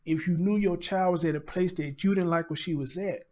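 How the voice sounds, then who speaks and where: A man's voice: high voice, a little fast, darkish tone. Tearful man holding back sobs. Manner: heartbroken, holding back tears. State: tearful, choked up. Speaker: livestream host. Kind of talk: emotional live commentary.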